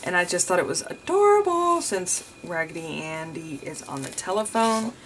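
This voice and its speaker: A woman's voice: lowish voice, very animated, normal speed, fairly bright tone, slight background noise, low-quality recording. A woman chatting casually to viewers while setting up her journal, rambling and often saying "you guys". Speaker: journaling vlogger. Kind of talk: casual chatty crafting tutorial.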